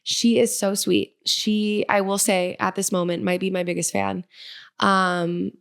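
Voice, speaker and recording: A woman's voice: medium pitch, level tone, a little slow, vocal fry. A young woman hosting her solo podcast, talking casually and earnestly, gushing and upbeat as she encourages her listeners. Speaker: podcast host, independent musician. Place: Nashville.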